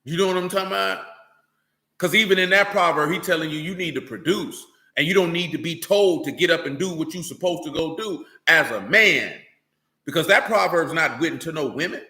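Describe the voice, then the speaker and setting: A man preaching in a loose, streetwise way, blunt, emphatic and full of slang. His voice sits high and bright. It rings out in a roomy, echoing space. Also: brisk. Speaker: religious teacher. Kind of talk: informal streetwise sermon.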